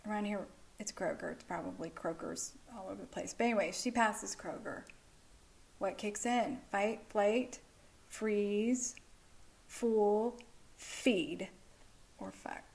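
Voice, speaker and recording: A woman's voice: medium pitch, slow, creaky, pauses often, a little mellow. A woman in a casual vlog, explaining mental health ideas through a story. She is frank, swears freely and keeps checking in with "okay?" and "like".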